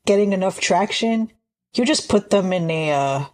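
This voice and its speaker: A woman co-hosting a podcast, chatting casually and pausing on fillers as she gives her picks. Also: mid-range voice, expressive, darkish tone. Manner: thoughtful, hesitant with fillers. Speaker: podcast co-host. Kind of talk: casual chat.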